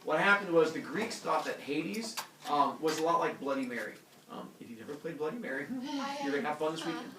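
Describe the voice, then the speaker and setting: His pitch fairly high and his speech a little fast, a teacher livens up a classroom lecture with jokes and character voices. The audio comes from far off in a roomy room with background noise.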